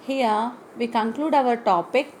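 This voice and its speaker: A woman teaching words in an online lesson, slowly spelling words out letter by letter. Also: a little high, a little mellow, slight background noise, poor audio. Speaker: English teacher.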